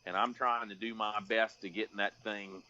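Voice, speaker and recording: A man's voice: on the low side, fairly even intonation, moderate pace, pushed and bright, muffled recording. A man telling a rambling, folksy story on a podcast, full of restarts. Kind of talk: casual storytelling.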